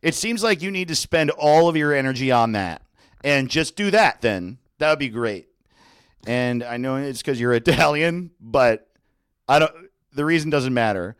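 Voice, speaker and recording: A man's voice: mid-range voice, lively intonation, normal speed, clean tone, dry recording, studio quality. A man co-hosting a casual comedy podcast, crude and profane, laughing often.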